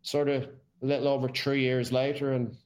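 A man's voice: medium pitch, level tone, a little fast, darkish tone. An Irish man, a podcast guest, telling his life story in casual chat, blunt and swearing freely.

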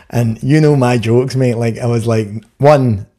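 A man's voice: mid-range voice, fairly even intonation, takes it slowly, dark tone. A man co-hosting a podcast, telling cheeky stories and jokes in casual chat and laughing at his own punchlines. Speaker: podcast co-host.

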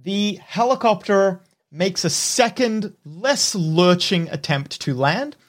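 A man's voice: sits high, animated, takes it slowly, dry recording, studio quality. A man narrating as game master in vivid detail, adding sound effects.

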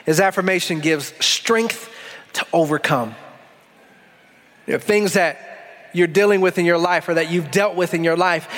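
A pastor with a high voice preaches to his congregation in a church sanctuary. He slows down on key phrases and then surges forward in quick bursts. His voice rings out with a long hall echo. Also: fairly bright tone. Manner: preaching with dramatic slow-downs and bursts. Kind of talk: sermon.

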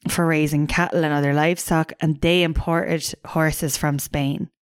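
A woman's voice: sits low, little pitch movement, normal speed, clean tone, no room sound, studio quality. A woman co-hosting a podcast in casual chat, sharing facts she looked up and swearing now and then. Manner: chatty, swears casually, shares researched facts. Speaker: podcast co-host.

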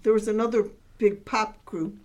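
A woman's voice: mid-range voice, fairly even intonation, normal speed, darkish tone. A woman co-hosting a podcast, chiming in with jokes and laughter in casual chat.

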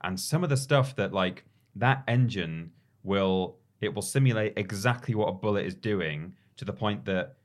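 A man with a very low voice chats on a gaming podcast. He meanders through his story, with plenty of ums and restarts. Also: normal speed. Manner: meandering, filler-heavy. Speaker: podcast co-host. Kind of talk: casual chat.

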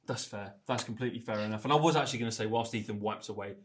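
A man's voice: on the low side, very fast, a little hiss or hum. A man with a Welsh accent hosting a casual sports podcast, teasing his co-hosts and reading ad plugs. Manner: teasing, leads the talk and reads ad plugs. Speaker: podcast host.

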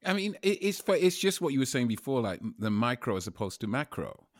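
A man hosting a podcast, asking slow, thoughtful questions in casual conversation. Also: mid-range voice, sing-song, a little hiss or hum. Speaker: podcast host.

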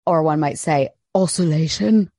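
A woman's voice: low voice, a little slow, mellow. Blunt, swearing woman podcast host. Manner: blunt, indignant, swears freely. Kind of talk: casual chat.

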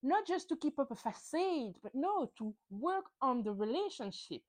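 Animated woman recapping reality TV. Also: moderate pace. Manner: animated, opinionated, acts out quotes with big swings in pitch. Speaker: podcast host.

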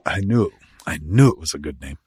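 Husky, animated middle-aged man. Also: deep voice, brisk, dry recording, clean studio sound. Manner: profane, wry, animated. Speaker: podcast co-host. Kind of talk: casual chat.

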